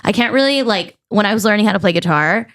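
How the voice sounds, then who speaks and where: A woman guest on a podcast, casually telling a childhood story in a lively way, full of "like" fillers. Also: mid-range voice, fast talker. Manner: animated, filler-heavy storytelling with frequent "like".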